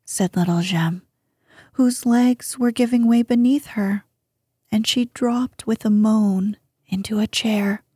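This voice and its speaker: A woman narrating a bedtime sleep story in a soothing, hushed voice that often drops to a whisper, close to the mic. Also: a little high, fairly even intonation, slow, husky, dry recording.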